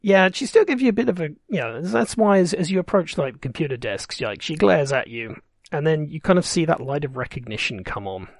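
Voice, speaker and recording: A man's voice: on the high side, big pitch swings, a little fast, creaky, no echo, studio quality. A man running a tabletop game, narrating in a rambling, wry way that corrects itself as it goes. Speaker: game master.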